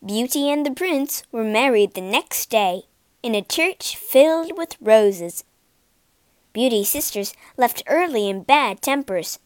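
A woman reading a storybook aloud in an expressive, unhurried way. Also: on the high side, no room sound.

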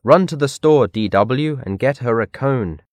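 A man's voice: mid-range voice, lively intonation, a little slow, darkish tone, no room sound, natural voice. A man voicing Arthur, a young boy and caring, worried big brother, in a children's storybook reading. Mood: coaxing.

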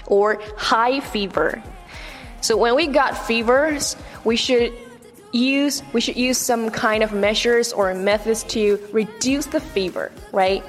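A woman's voice: a little high, big-room sound. A woman teaching English vocabulary, repeating each word and checking in with "okay?" after nearly every point. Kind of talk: vocabulary lesson.

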